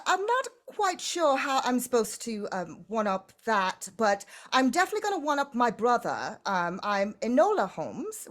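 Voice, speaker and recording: A woman player at a tabletop game, lively and confident. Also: fairly high pitch. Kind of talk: casual table chat.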